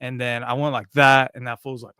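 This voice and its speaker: A man co-hosting a podcast, telling a story in a casual, animated, profane way. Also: medium pitch, fairly quick, smooth, dry recording, clean studio sound. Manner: animated, profane storyteller, swings loud and soft. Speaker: podcast co-host. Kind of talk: casual chat.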